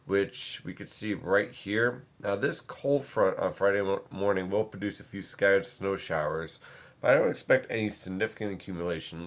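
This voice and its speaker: A man, a meteorologist, giving a weather forecast and stressing his key points firmly so nothing is misunderstood. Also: on the low side. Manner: emphatic, repeats points for clarity.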